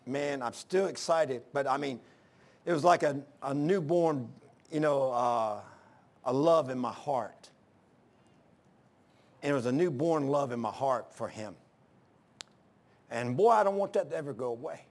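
An older man pastor giving an informal sermon, telling folksy stories with loud exclamations and chuckles. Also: medium pitch, unhurried, long pauses.

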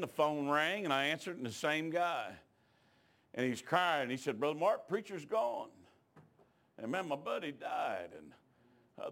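Preacher guy, raspy and kinda high, tells stories then hollers. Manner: folksy rural talk that rises into shouting. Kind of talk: revival sermon with storytelling. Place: church.

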